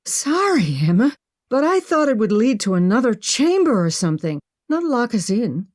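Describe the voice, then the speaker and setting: Audiobook heroine: impulsive, cheerful young woman, high and lively, read by a woman. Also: moderate pace, no room sound, clean studio sound. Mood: upbeat. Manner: breezy, brushes off worry. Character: impulsive upbeat young woman treasure hunter.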